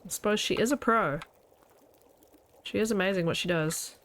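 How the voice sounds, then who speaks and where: A woman's voice: medium pitch, moderate pace, fairly bright tone. A woman game streamer chatting casually with her viewers as she plays, playful and laughing often. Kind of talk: casual chat while playing a video game.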